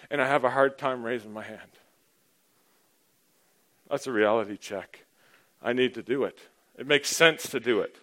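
A man's voice: mid-range voice, a bit bright. A middle-aged man, a pastor, praying and then preaching a sermon in an earnest, personal storytelling way. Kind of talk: sermon with opening prayer.

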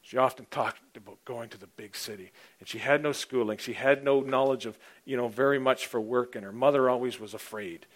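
A man preaching an informal, rambling sermon, often clearing his throat and swinging between loud emphasis and near-quiet asides. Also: medium pitch, brisk, hardly any pauses.

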